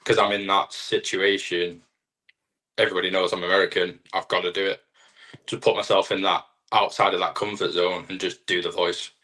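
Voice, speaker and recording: A man's voice: low-pitched, little pitch movement, a little fast, bright, forceful tone. A young man, a wrestler, chatting casually in an interview in a rambling, self-deprecating way. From Britain. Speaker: wrestler guest.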